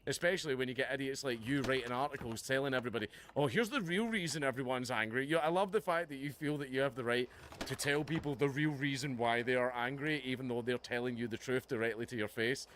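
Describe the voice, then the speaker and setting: A livestream host delivering a heated, profane, sarcastic reaction rant. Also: male voice, medium pitch, quick pace, fairly bright tone. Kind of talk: ranting reaction commentary. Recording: noticeable background noise.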